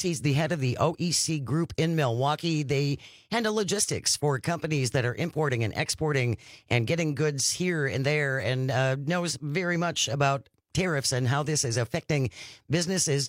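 A man's voice: fairly high pitch, no echo. Emphatic male radio host, dry sound. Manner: emphatic, spells points out slowly. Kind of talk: radio interview.

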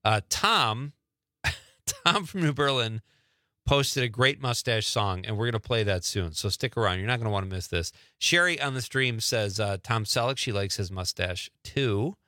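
Man, radio host, chatty, upbeat, bright tone, dry studio. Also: on the low side, expressive, no room sound. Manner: chatty, upbeat, quick follow-up questions. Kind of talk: casual talk radio chat.

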